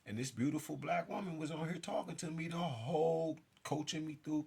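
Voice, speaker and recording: Speaking to camera at an unhurried pace, a man styling himself a spiritual figure delivers a fierce, profanity-laced monologue while jumping around. His voice leans high, with vocal fry and a slightly rough edge.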